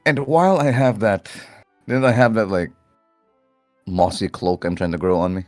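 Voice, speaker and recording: A man's voice: on the low side, moderate pace, a little mellow, no room sound, faint music behind. A man playing a tabletop role-playing game, rambling playfully about what his character does. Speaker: player. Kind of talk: tabletop role-play narration.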